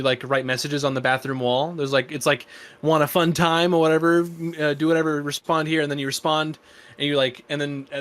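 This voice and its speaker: A man's voice: a little high, a bit bright. A man co-hosting a gaming podcast, recapping scenes in a loose, rambling way with casual swearing. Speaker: podcast co-host. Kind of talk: casual chat.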